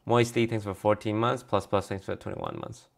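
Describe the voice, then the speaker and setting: A man's voice: lowish voice, sing-song, moderate pace, gravelly. A man streaming a card review in casual commentary, reading card text aloud and answering viewers offhandedly.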